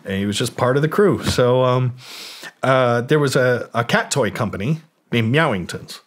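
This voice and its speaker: A man from Canada, somewhere in his forties, telling a story loosely in a podcast interview. His voice sits at a middling pitch. He swears often, keeps saying "like" and "you know", and mimics the people in his anecdote. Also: lively intonation, moderate pace. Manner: profane, rambling anecdotes full of fillers, acting out quoted voices. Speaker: guest, music producer and DJ.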